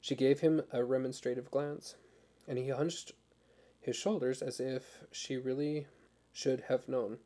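A man narrating a story as an audiobook in a measured, even way. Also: mid-range voice.

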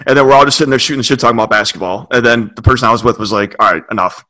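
A man telling a long, animated story in a casual podcast chat, leaning heavily on filler words. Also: mid-range voice, rapid-fire, low-quality recording.

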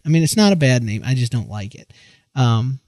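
A man's voice: medium pitch, lively intonation, brisk, darkish tone, dry recording. Joking man chatting on a podcast. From Georgia, USA. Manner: joking, playful, does silly voices. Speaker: podcast co-host. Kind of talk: casual chat.

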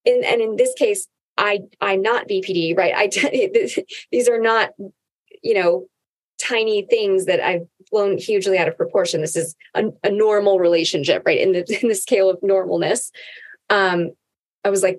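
A woman's voice: mid-range voice, normal speed. A woman hosting a podcast, speaking candidly and earnestly about personal experience in a casual conversation.

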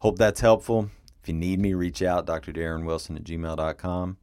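A man's voice: low-pitched, fairly even intonation, normal speed, darkish tone, clean tone, no room sound, studio quality. A man hosting a solo advice podcast, speaking earnestly and addressing the listener directly. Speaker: podcast host, relationship coach.

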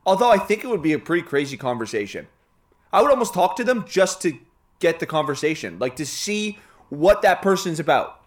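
A man from Canada co-hosting a podcast, talking in a casual, animated way, swearing and laughing often. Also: on the high side, fairly quick. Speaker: podcast co-host. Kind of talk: casual chat.

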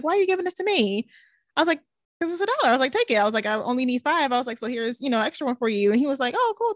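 A woman's voice: mid-range voice, a bit bright, no echo, studio quality. A woman, co-hosting a podcast in casual chat and telling stories animatedly with many fillers. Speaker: podcast co-host.

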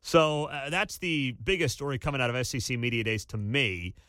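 A man hosting a college sports talk radio show, ranting with incredulous energy and bursts of shouting. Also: medium pitch, brisk, dry recording, clean studio sound. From Kansas City area. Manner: animated, incredulous rants with sudden shouting.

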